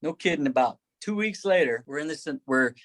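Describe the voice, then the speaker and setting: A middle-aged man telling military stories on a podcast, laughing often and acting out quotes in a higher voice. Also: lively intonation, a little fast, a bit bright. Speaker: podcast guest, former Army Ranger. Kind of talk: casual storytelling.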